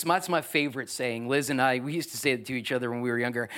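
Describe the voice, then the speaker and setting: A middle-aged man, preaching a sermon as pastor in an animated, joking way with asides to the congregation. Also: mid-range voice, fast talker, hardly any pauses.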